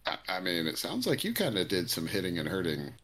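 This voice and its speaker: A man's voice: low-pitched, huge pitch swings, a little fast, fairly bright tone. A man hosting a podcast, playing peacemaker in casual banter with wry, stammering restarts. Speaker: podcast host.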